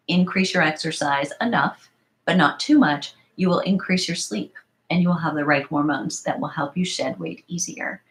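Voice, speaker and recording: A middle-aged woman coach talks through viewer questions in a lowish voice, still a little rough with morning voice. She is emphatic and chatty, firing off rhetorical questions and quick asides. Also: a bit bright. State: morning voice, clearing throat. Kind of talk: live Q and A talk.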